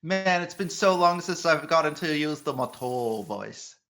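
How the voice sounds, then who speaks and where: A man's voice: a little high, animated, a little slow, bright, forceful tone. A man from Canada chatting casually with friends during a group game stream. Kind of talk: casual chat.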